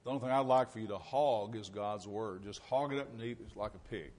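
A man of ordinary mid pitch delivers a teaching sermon to his congregation. He reads scripture with rising emphasis and slips into relaxed, folksy asides between the readings. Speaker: preacher.

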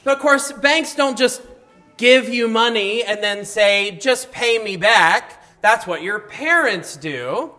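A man teaching a classroom of high schoolers, talking casually, adding wry asides and often checking in with "okay?". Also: animated, slow pace, bright, forceful tone. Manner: mildly sarcastic asides. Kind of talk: classroom lesson. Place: classroom with students.

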